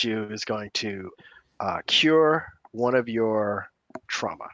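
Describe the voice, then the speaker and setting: A man's voice: on the low side, expressive, takes it slowly, fairly bright tone, highs cut off. A man running a tabletop game as game master, narrating and swooping into character voices.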